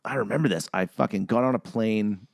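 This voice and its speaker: A man's voice: fairly low pitch, brisk, vocal fry, no echo, clean studio sound. A man co-hosting a casual movie-review podcast, telling stories and swearing freely. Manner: swearing, storytelling with voiced-out asides. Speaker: podcast co-host.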